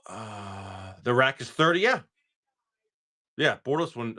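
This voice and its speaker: A man running a live card sale, talking in a rambling, chatty way and often restarting. His pitch is animated, and his voice is bright and forceful. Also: measured pace, pauses often. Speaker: live card-break seller. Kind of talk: casual live-stream chat.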